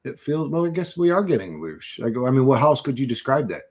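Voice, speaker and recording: A man in his thirties talks straight into his desk mic on a livestream. He rants in a loose, rambling way, swearing hard, and his pitch sits in a plain middle range. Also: very animated, fast talker. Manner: profane, ranting, conspiratorial. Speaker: livestream host.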